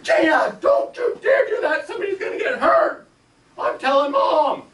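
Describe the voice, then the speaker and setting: A man voicing a bossy older sister, a young girl who scolds and follows every rule, in a shrill, alarmed manner. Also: very animated, brisk, a bit bright. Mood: alarmed scolding. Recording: echoey room, distant mic, faint hiss.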